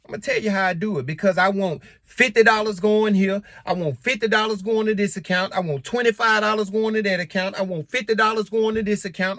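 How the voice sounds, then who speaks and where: A man vlogging casually to camera in African American Vernacular English, animated and emphatic, often repeating himself. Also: high-pitched, no room sound, clean studio sound. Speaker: credit and finance vlogger.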